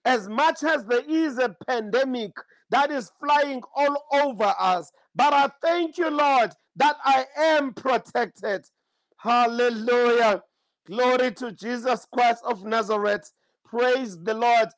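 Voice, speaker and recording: High-pitched male preacher, fervent prophetic delivery, dry close sound. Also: takes it slowly, dry recording, low-quality recording. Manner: fervent, repeats praise phrases. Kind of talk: prophetic sermon and prayer.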